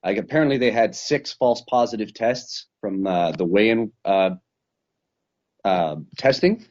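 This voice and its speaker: A man's voice: lowish voice, a little slow, darkish tone. A male fighter recapping a bout in a casual interview, rambling and swearing as he tells the story over a video call. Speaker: professional fighter. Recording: dull lo-fi sound.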